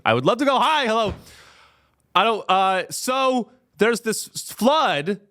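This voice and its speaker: A man's voice: on the high side, a bit bright. A young man hosting a comedy podcast. He sounds caffeinated and rambles through a profane monologue, full of restarts.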